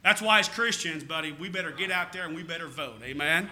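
Bright, high-pitched Southern preacher. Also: male voice, quick pace. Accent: Southern American. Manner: folksy, rambling preaching with frequent "amen?" call-outs. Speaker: pastor. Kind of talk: sermon. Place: church.

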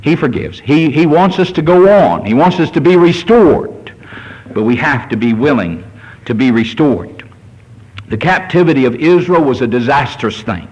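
A man's voice: mid-range voice, lively intonation, moderate pace, darkish tone, highs cut off. A man in his sixties, a pastor preaching a fervent sermon and reading scripture aloud. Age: 60s.

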